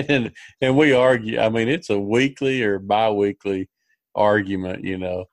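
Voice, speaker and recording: A man's voice: lowish voice, fairly even intonation, unhurried, no echo. A man hosting a podcast, telling a rambling, folksy story with many fillers and restarts. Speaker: podcast host. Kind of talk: casual storytelling chat.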